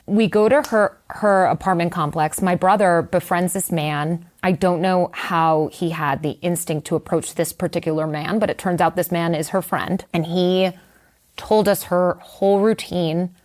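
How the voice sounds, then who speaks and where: A woman's voice: fairly low pitch, steady tone, normal speed. A middle-aged woman, a writer, telling a personal story in an interview in a candid, conversational way with many fillers and asides. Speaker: guest writer.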